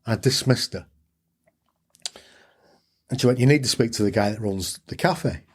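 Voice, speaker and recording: A man's voice: medium pitch, normal speed, husky. A middle-aged man, telling his story candidly and earnestly as an interview guest, repeating phrases for emphasis.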